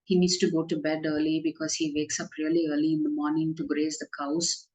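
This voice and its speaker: A woman's voice: low-pitched, flat delivery, brisk, darkish tone, lightly acted, low-quality recording. A woman playing a stern, fretful mother. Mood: scolding. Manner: stern scolding. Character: fretful mother scolding the cowherd girls.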